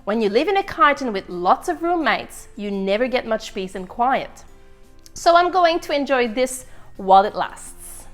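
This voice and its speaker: A chatty, easily flustered little boy egg, put on by a woman in a storytime read-aloud. The voice sits high and swoops all over, unhurried, with faint music underneath. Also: sing-song. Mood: musing. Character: chatty, anxious little male egg, loyal leader.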